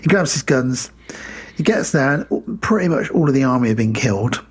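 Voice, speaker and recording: A man co-hosting a podcast, casually recapping a film plot and slipping into quick mock voices. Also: mid-range voice, lively intonation, slightly rough. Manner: retells scenes with quick mock voices and laughs. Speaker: podcast co-host.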